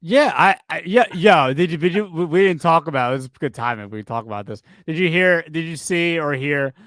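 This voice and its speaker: A man's voice: fairly high pitch, lively intonation, a little fast, fairly bright tone, no room sound. A man co-hosting a casual sports chat, rambling and interrupting himself with joking asides. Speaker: podcast co-host.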